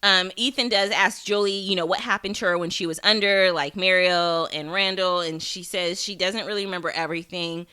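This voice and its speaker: A woman's voice: lowish voice, steady tone, brisk, hardly any pauses, bright, forceful tone, clean tone. A woman hosting a podcast, recapping a TV episode in a casual, rambling way with many fillers and restarts, and swearing for emphasis. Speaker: podcast host.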